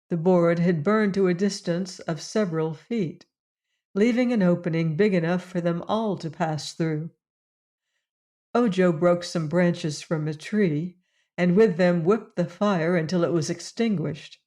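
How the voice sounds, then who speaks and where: A woman reads a children's classic aloud in a calm, measured way. Her voice sits low and she takes her time over every sentence. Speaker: audiobook narrator. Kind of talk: scripted narration of a children's classic.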